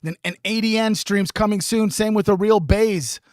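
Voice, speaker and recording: A man hosting a casual livestream, rambling with many restarts, swearing and often clearing his throat. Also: sits high, moderate pace, darkish tone, no echo, clean studio sound. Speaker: livestream host. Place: home streaming setup.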